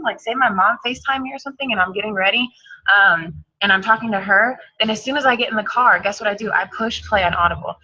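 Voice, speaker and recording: A woman's voice: mid-range voice, sharp tone, slightly rough, lo-fi sound. A woman giving an emphatic, hyped motivational talk on a team call, repeating her points. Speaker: team coach.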